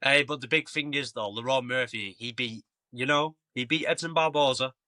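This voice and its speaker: A British man co-hosting a podcast, excitably trying to steer a rowdy chat back on track. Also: mid-range voice, normal speed, dry recording, clean studio sound. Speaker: podcast co-host. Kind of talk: casual chat.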